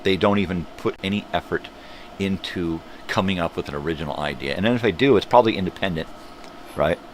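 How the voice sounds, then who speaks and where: A man's voice: sits low, fast, a little hiss or hum. An older man hosting his own morning show, ranting bluntly and profanely in a casual monologue. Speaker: host of a morning livestream show.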